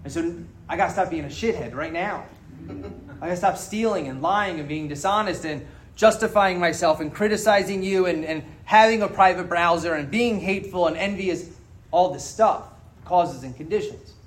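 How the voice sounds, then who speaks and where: In a high-pitched voice at normal speed, a man speaks openly to the group at a recovery meeting, joking and swearing freely as he gives his personal testimony. The audience-filled meeting room lends a roomy hall echo.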